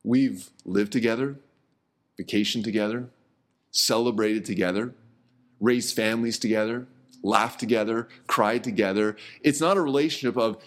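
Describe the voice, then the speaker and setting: A middle-aged man gives a sermon in a low voice. He talks like he is chatting with the congregation, repeats himself now and then, and lets his voice sink quiet on the words he wants to stress. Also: moderate pace. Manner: conversational, repeats words, drops low and soft on key words. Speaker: pastor.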